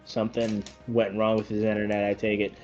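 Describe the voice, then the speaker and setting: A man giving casual play-by-play commentary on a gaming match, rambling and correcting himself, with sudden excited bursts. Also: lowish voice, a little fast, lo-fi sound, faint music behind. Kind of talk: casual esports-style commentary.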